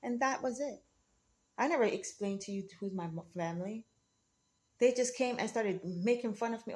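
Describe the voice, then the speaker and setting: A woman's voice: on the high side, moderate pace, a little mellow. A woman speaking in an emotional, rambling monologue, defiant and often repeating herself.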